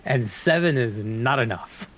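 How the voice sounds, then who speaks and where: A man's voice: mid-range voice, lively intonation, unhurried, slight background noise. A man playing a tabletop game, joking along with the game master. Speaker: player.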